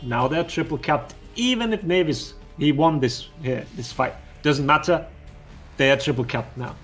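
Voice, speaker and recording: Brief: male esports analyst, slightly high voice, casual clip breakdown, faint music behind. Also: normal speed. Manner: relaxed, explaining clips with restarts. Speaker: guest analyst.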